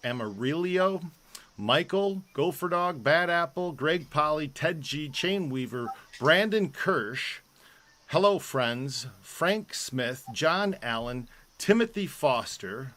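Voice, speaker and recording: Man, live-stream host, casual chat, rambling, lots of fillers, tense bright voice. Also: mid-range voice. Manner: rambling, many fillers and restarts. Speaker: host of a live online show.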